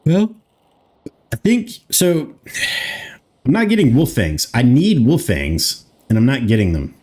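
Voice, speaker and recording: This American streamer in his thirties rambles through casual gameplay commentary, reading and replying to chat with easy swearing. He speaks at a moderate pace in a medium-pitched, mellow, slightly rough voice whose pitch swoops wildly.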